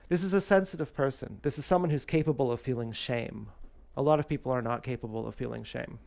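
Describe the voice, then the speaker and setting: A man talks at home in a rambling personal vlog, his voice gravelly yet smooth and resonant. He drifts from thought to thought, candid and unpolished, with plenty of fillers and restarts. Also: mid-range voice, quick pace. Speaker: vlogger. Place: home kitchen.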